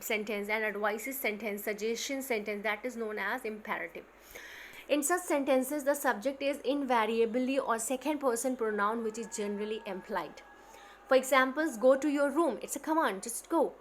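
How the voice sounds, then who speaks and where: Una profesora con acento inglés de la India da una clase de gramática en línea sobre diapositivas y explica despacio, con muchas muletillas y frases reiniciadas. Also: female voice, a little high, fairly bright tone, slight background noise. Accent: Indian English. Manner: explains slowly with many fillers and restarts. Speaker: teacher. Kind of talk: online grammar lesson over slides.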